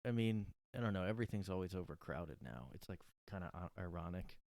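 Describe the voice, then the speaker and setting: A man's voice: deep voice, animated, a little fast, a little mellow, no echo. A man hosting a solo podcast from his room, rambling and sarcastic with lots of fillers. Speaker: podcast host. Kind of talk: casual solo monologue.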